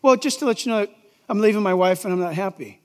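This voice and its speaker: A man voicing an unhappy husband who phones a church to say he is leaving his wife, in a flat, matter-of-fact way. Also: high voice, fast, pitched below the performer's own voice, lightly acted. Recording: long reverb in a large church.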